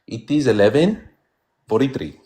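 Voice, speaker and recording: A man's voice: medium pitch, animated, moderate pace, warm tone. A man calling into a live debate stream who puts on an exaggerated foreign accent and plays a trolling guest. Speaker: caller.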